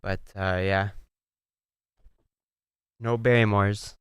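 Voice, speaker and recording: A man's voice: on the low side, fairly even intonation, clear, resonant tone, no room sound, studio quality. A young man, co-hosting a podcast in easygoing, agreeable casual chat. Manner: easygoing, agreeable, quick yeahs. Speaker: podcast co-host. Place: home studio.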